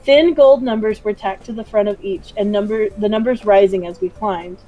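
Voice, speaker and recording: A woman's voice: medium pitch, moderate pace, narrow, tinny audio. A woman hosting a gaming video, reading visual novel narration aloud with giggly, joking asides. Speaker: gaming channel host.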